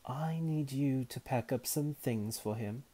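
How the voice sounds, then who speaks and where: A man reading aloud and voicing an imperious, scheming woman wizard who speaks with haughty calm. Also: medium pitch, unhurried, pitched above the performer's own voice. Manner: haughty and calmly menacing.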